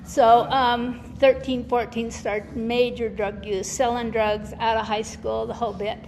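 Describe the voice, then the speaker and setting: A woman's voice: a little high, level tone, a little slow. An older woman giving a candid, emotional personal testimony as a guest speaker at a recovery meeting, laughing often and acting out the voices of people she quotes. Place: meeting hall. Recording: reverberant hall with faint noise.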